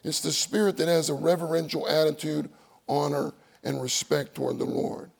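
A man's voice: on the high side, fairly even intonation, moderate pace, gravelly, slightly rough. A man preaching a sermon, reading outline points aloud and repeating key phrases for emphasis.

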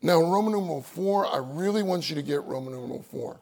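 Gravelly-voiced man preaching. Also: a little high, expressive, fast talker, a little mellow. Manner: reads outline points aloud, repeats key phrases. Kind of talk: sermon.

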